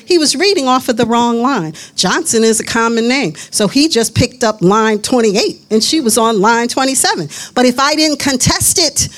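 A middle-aged woman delivers a sermon in a chatty, conversational manner. Her voice sits high and moves animatedly up and down. She drops into quoted asides as she preaches. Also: animated, moderate pace, few pauses.

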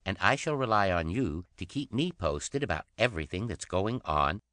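A man's voice: low-pitched, animated, moderate pace, pushed and bright, no room sound, clean studio sound, pitched above the performer's own voice. A man voicing a teasing, flippant young woman with an airy, mocking manner.

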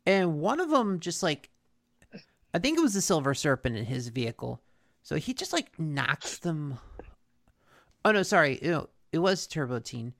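Co-hosting a laid-back conversation, this woman retells a cartoon episode with plenty of filler words and frequent restarts. Her low voice swings widely in pitch, moves at a moderate pace, and carries vocal fry.

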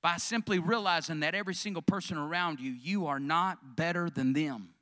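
A man's voice: a little high, moderate pace, fairly bright tone. A male pastor preaching a sermon, calling out questions to the congregation.

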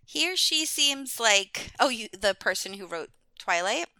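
Bright, clear-voiced woman rambling casually. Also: fairly high pitch, very animated, measured pace. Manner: rambling, many "like"s, frequent laughs. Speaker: podcast guest. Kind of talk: casual chat.

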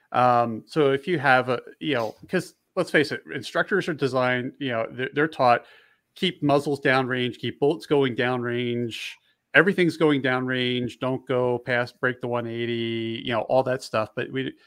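A man's voice: medium pitch, a bit bright, no room sound, clean studio sound. A man who is a firearms dealer, talking in a casual, rambling way in a podcast conversation and often correcting himself.

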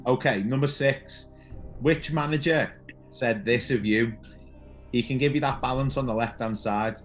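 A man's voice: medium pitch, a little slow, faint music behind. A man hosting a podcast, asking quiz questions in a casual, chatty way and laughing often. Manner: chatty, laughs often, calls guest "mate". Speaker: podcast host.

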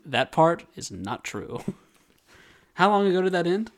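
A man's voice: high-pitched, very animated, measured pace. A young man co-hosting a casual podcast, arguing animatedly and jokingly raising his voice. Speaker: podcast co-host. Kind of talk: casual anime recap chat.

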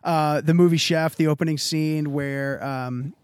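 A podcast co-host with a slightly raised voice who talks in loose, meandering bursts full of filler words. His takes are relaxed, friendly banter. The sound is dry and close to the mic. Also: on the high side, unhurried, clean tone, dry recording. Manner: rambling, filler-heavy storytelling with lots of "like". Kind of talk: casual chat.

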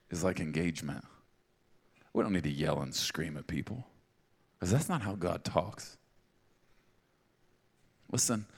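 A very low-voiced man preaches to a congregation, talking like he's chatting with them but hitting his points hard and tossing in playful asides. His voice rings out with a long reverb, the sound of a big church auditorium. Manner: conversational and emphatic, with playful asides. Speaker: pastor. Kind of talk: sermon.

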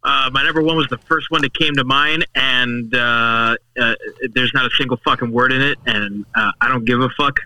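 Man podcast co-host, blunt and sweary, sharp bright voice, dry sound. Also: mid-range voice, steady tone, moderate pace, dry recording, rough recording. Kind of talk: casual chat.

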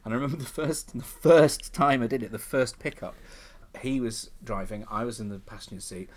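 A middle-aged man, a comedian, telling camp, animated anecdotes in casual chat. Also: mid-range voice, brisk. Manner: camp, animated storytelling, puts on old ladies' voices. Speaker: comedian and compere.

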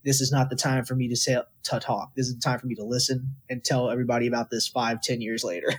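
A man's voice: medium pitch, fast talker, husky. A young man from Texas, a guest musician, telling stories casually in an interview and acting out what people said. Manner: animated, quotes people in lively voices.

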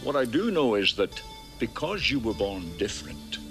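A scornful old immortal mentor. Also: male voice, mid-range voice, very animated, normal speed, music in the background. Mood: lofty. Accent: Scottish. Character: older immortal swordsman mentor, mocking and wise. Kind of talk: film dialogue.

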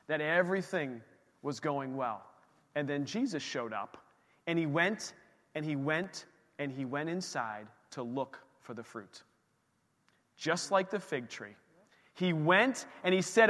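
A male pastor delivers an animated sermon in a high, bright voice, firing off rhetorical questions. His voice rings with long reverb in a church hall.

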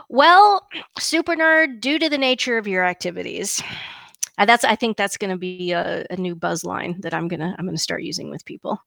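A middle-aged woman co-hosting a podcast in casual chat, animated and laughing often, with frequent restarts. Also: fairly low pitch, normal speed, gravelly, no echo, clean studio sound. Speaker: podcast co-host.

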